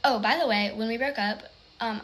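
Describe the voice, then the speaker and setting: A woman with a bright, sharp, fairly high voice tells a personal storytime in a loose, casual way. She rambles, leaning on "like" again and again, and sometimes drops to a hushed whisper. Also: moderate pace. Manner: rambling, heavy use of "like".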